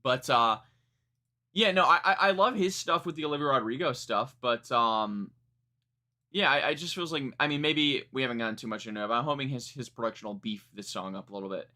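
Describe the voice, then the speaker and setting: Bright-voiced young man rambling through a reaction. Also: medium pitch, a little fast. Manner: rambling, self-correcting, frank and profane. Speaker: music reaction streamer. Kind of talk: casual live reaction commentary.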